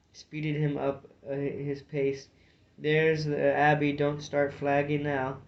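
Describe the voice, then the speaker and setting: A man's voice: medium pitch, a little mellow, slight background noise. A man reading a fantasy storybook aloud, narrating with occasional slips and restarts. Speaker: audiobook reader. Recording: dull lo-fi recording.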